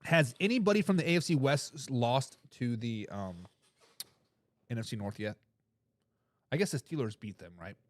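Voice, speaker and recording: A man's voice: mid-range voice, animated, moderate pace, pauses often. A man hosting a casual sports talk show, reading out viewer comments, repeating his points with emphasis and laughing between remarks.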